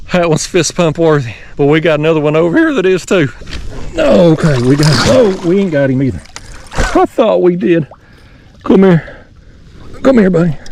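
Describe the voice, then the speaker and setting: A man, hosting a fishing vlog from a kayak outdoors, talking in a folksy, excitable way and laughing often. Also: on the high side, gravelly, far from the mic, noisy background. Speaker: fishing channel host.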